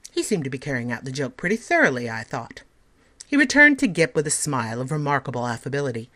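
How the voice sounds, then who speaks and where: Woman, storybook reading, deep for a woman, very lively pitch, measured pace. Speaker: teacher reading aloud.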